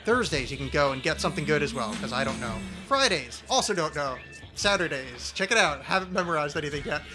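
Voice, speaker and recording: High bright guy hosting a podcast, goofy and rambly, faint music under it. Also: expressive, fairly quick. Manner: jokey, rambling, reads ad reads loosely. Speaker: podcast host. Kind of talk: casual chat.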